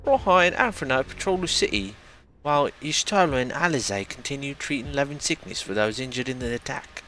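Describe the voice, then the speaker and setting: A man voicing a calm, earnest young woman scholar in an attempted Australian accent that slips into British. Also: medium pitch, a little fast, faint music behind, voice pushed up, natural voice. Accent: attempted Australian slipping to British.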